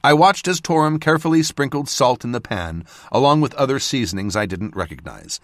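Expressive man narrating an audiobook. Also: mid-range voice, fairly quick, no echo, clean studio sound. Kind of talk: scripted first-person narration.

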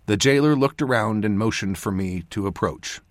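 A man's voice: moderate pace, no echo. A man narrating a fantasy audiobook, giving the characters their own voices. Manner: voices characters with lively shifts in pitch and loudness. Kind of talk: scripted narration.

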